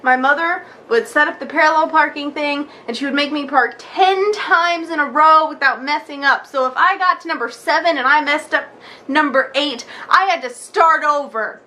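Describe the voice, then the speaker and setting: A young woman vlogger telling a story in a chatty, animated way, acting out what people said. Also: high voice, normal speed. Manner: chatty, animated, acts out quotes with many likes. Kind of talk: casual storytelling vlog.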